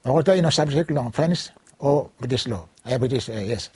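An older man from Vanuatu with a Bislama pidgin accent, recalling his career as a lawyer in a halting, repetitive way, mixing in French words. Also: mid-range voice, a little mellow, breathy edge, dry recording. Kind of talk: oral history recollection.

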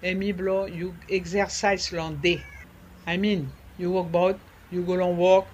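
Ni-Vanuatu nurse, relaxed advice, code-switching to French, average pitch. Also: measured pace, muffled recording, a little hiss or hum. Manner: mixes in French words. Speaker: nurse, health guest. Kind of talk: casual health advice talk.

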